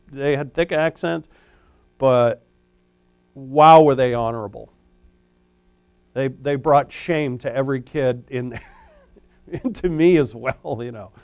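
Male pastor, raised pitch, conversational sermon delivery, dry close sound. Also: gravelly, no echo. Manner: conversational, animated preaching with frequent restarts. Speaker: former high school teacher. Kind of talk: expository sermon.

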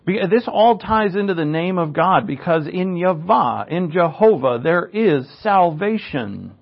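A man preaching a conversational Bible lesson, his slightly high voice roughened with gravel. He breaks into asides and corrects himself, leaning hard on key words, and the recording sounds dull and lo-fi. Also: lively intonation, measured pace. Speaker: pastor teaching scripture. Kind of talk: conversational verse-by-verse sermon.

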